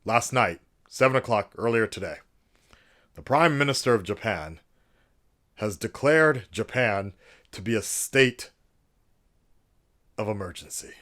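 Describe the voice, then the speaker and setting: A man's voice: lowish voice, very animated, a little slow, pauses often, bright, forceful tone, exaggerated voice. A man putting on the voice of a pompous male head of state giving a solemn formal address. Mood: mock solemn.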